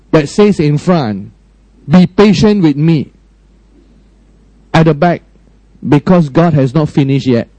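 A man preaching a sermon emphatically, often questioning his listeners and swinging between high, raised lines and low, quiet ones. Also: dry recording, rough recording. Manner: frequent direct questions to the congregation.

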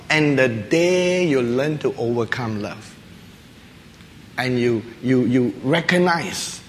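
Guy with a high voice giving a jokey sermon, laughs a lot, big echoey hall. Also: fairly bright tone, slight background noise. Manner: chuckles often, acts out little voices in his stories. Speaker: preacher. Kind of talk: humorous sermon. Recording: long reverb of a large hall.

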